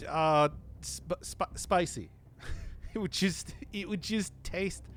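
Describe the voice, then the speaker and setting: A man's voice: high voice, slow, a bit bright, slight background noise. A man from the American Midwest with a Midwestern accent, rambling and giggling through casual commentary while streaming a game. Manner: rambling, giggly, laughs often. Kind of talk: live gameplay commentary, casual chat.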